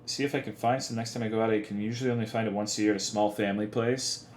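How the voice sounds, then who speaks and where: A man's voice: fairly low pitch, fairly even intonation, racing, a little mellow. A young man livestreaming, chatting casually with his chat in profane, rambling, half-joking rants. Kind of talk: casual live-stream chat. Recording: echoey room.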